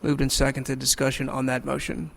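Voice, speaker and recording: Gravelly man chairing a hearing. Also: mid-range voice, monotone, fairly bright tone. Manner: brisk procedural, light chuckles. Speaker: committee chairman. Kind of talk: formal committee proceedings. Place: legislative hearing room. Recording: long hall reverb.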